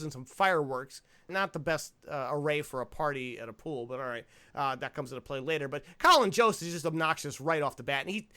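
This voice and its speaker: A young man riffing on a film for his podcast, voice pitched high for a man and bright with some edge to it. he talks in an animated, wandering way that keeps circling back, and he breaks into laughs often. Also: clear, resonant tone. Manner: animated and rambling, quick to laugh. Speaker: podcast host. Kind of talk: casual movie commentary.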